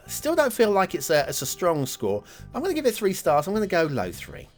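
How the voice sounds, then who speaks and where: A man's voice: high voice, huge pitch swings, moderate pace, faint music behind. A man hosting a game map review show, talking casually over gameplay with lots of fillers and wry asides. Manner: chatty, rambling, many fillers and self-deprecating asides.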